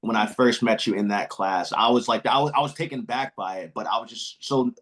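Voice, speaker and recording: A podcast co-host who speaks warmly and thanks the guest in a heartfelt way. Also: mid-range voice, a little fast. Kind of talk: casual podcast interview.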